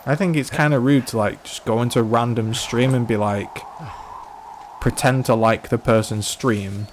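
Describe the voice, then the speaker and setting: A man's voice: mid-range voice, normal speed, slight background noise. A young man chatting casually on a live game stream, rambling, restarting his sentences and filling them with "like". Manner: rambling, repeats and restarts himself, many "like" fillers. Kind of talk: casual live-stream chat while playing.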